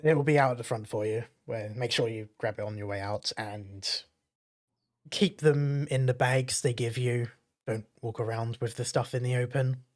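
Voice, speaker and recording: A man's voice: mid-range voice, fairly even intonation, moderate pace. Man rambling as game master. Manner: loose, rambling narration with many fillers. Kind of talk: narrating a tabletop game.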